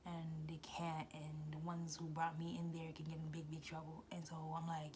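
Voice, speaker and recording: A young woman casually telling a personal story, animated and slangy, often dropping into soft breathy asides. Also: deep voice, moderate pace, hardly any pauses, slight background noise.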